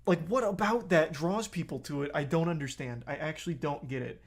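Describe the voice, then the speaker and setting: A man's voice: on the high side, a little fast, few pauses. Blunt, profane male streamer. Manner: blunt and profane, gets heated. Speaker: streamer reacting to a video. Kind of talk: casual live-stream reaction.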